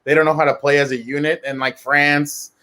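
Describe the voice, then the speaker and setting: A man with a fairly high voice chats eagerly on a sports round table. He rambles and restarts, piling one thought on the next. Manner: excited, rambling, with quick restarts. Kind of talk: casual sports chat.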